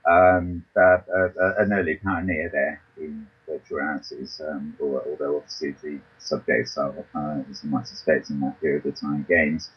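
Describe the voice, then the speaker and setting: A man's voice: very deep voice, little pitch movement, moderate pace, few pauses, slightly rough, dull audio. A man hosting a talk show, reading a news roundup and hesitating often with ums and restarts, over a voice call from his computer. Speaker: podcast host.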